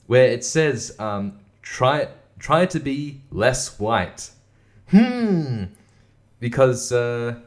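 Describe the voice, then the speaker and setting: A man's voice: mid-range voice, a little mellow. A man hosting a casual solo show, sarcastic and mocking, swearing often and laughing at what he reads. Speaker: podcast host.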